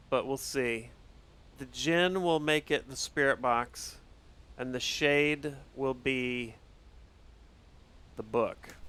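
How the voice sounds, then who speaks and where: A man's voice: mid-range voice, a bit bright, smooth. A male streamer giving live commentary on a game, reacting aloud and chatting with his viewers.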